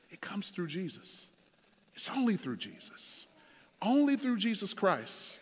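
A man's voice: sits high, very animated, normal speed, slightly rough. A man preaching a sermon as a pastor, telling a story in a conversational way with many fillers. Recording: long hall reverb.

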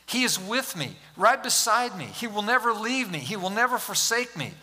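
A male pastor preaching a sermon, animated and humorous, acting out Bible scenes and talking directly to the congregation. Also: high voice, normal speed. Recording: long hall reverb.

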